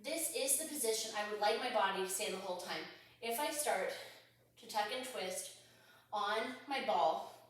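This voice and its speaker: A woman's voice: mid-range voice, animated, moderate pace. A woman leading a pilates mat class, calling out breath cues and movements while exercising, out of breath and upbeat. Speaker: pilates instructor. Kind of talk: guided workout instruction. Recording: echoey room, distant mic.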